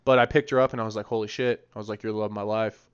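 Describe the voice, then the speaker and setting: A man's voice: on the low side, steady tone, racing, smooth, muffled recording. A man in his twenties on a podcast, telling stories in a laid-back, rambling way and swearing freely. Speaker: podcast co-host. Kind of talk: casual chat.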